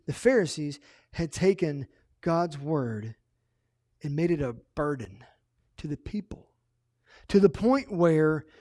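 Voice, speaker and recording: Animated high-voiced male pastor preaching. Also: dry recording, clean studio sound. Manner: animated, swings between loud emphasis and quiet asides. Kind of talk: sermon.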